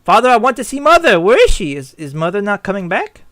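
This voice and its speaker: A whiny little six-year-old boy as a man puts him on, high-pitched and pleading. The voice is loud and lifted well above a grown man's. It is read in a dry, close room. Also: sing-song, fast talker, no echo.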